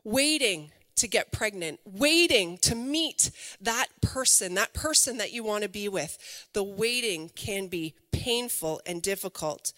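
Lively woman preacher, bright voice. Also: on the high side, long reverb tail. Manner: conversational and lively, with rhetorical questions to the viewers. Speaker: pastor. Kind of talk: online sermon.

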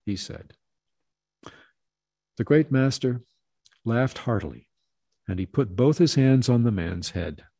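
Gravelly male storyteller, dry sound. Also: mid-range voice, expressive, takes it slowly, long pauses, dark tone, no echo. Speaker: narrator. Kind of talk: read story narration.

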